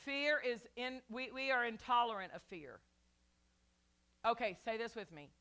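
A woman's voice: fairly high pitch, lively intonation, a little slow, fairly bright tone, clear, resonant tone. Emphatic woman pastor preaching. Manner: emphatic preaching with repetition and calls to the congregation. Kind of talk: sermon.

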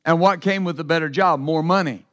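A man's voice: on the high side, a little fast, fairly bright tone. A man preaching a sermon as pastor, emphatic and repetitive, with asides to the congregation.

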